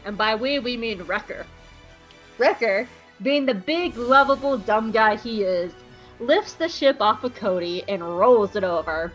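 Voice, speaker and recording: A woman's voice: fairly high pitch, lively intonation, unhurried, muffled recording, soft background music. A woman podcast host giving a casual, sarcastic and playful episode recap. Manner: sarcastic and playful, jumps into voices.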